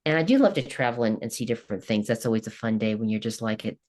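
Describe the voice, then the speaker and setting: A woman's voice: rumbling low, fast, a little mellow. A woman in her sixties from Kentucky, a coach chatting as a podcast guest in a rambling, laughing way. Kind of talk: casual interview chat.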